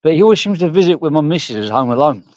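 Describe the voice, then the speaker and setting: A man's voice: a little high, lively intonation, very fast, darkish tone, no echo. A man bantering casually on a livestream, swearing and laughing at himself. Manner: swearing, laughing, self-mocking. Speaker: guest on a livestream. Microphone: video call. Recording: dull lo-fi video call.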